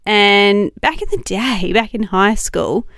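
A young woman co-hosting a podcast, telling stories in a playful, animated way. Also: mid-range voice, slow pace, dry recording, clean studio sound. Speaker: podcast co-host. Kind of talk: casual chat.

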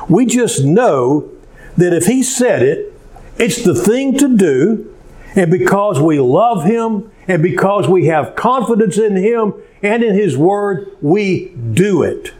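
A male pastor preaching a sermon, telling stories in an unhurried way with many pauses. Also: high voice, animated, a little mellow.

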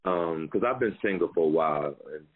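A man hosting a podcast, chatting casually with a caller and giving life advice in an animated way. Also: deep voice, brisk, husky. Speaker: podcast host and comedian. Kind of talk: casual phone chat. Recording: phone-line call audio.

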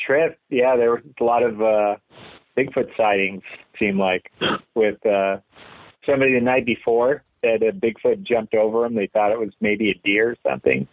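A man's voice: lowish voice, fairly even intonation, normal speed, no room sound. A man co-hosting a podcast, joking around and laughing through his own gags. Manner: jokey, laughing while telling gags. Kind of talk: casual joking chat. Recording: tinny phone-like remote line.

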